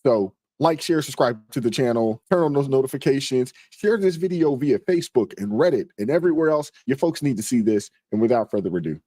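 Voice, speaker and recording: A man's voice: medium pitch, lively intonation, fairly quick, hardly any pauses, warm tone, dry recording, clean studio sound. Laid-back male channel host. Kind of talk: casual video intro.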